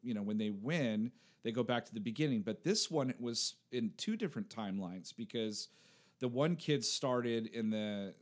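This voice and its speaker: A man in his thirties talking over movies on a podcast. He tells his stories with animated energy, laughs often and swears freely. His voice sits at a middle pitch for a man. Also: normal speed. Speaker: podcast co-host. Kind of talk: casual chat.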